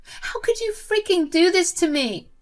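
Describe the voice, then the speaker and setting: A woman voicing an entitled, panicky sister-in-law with a high, shrill voice in a read-aloud story. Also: lively intonation, moderate pace, a bit bright. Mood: furious.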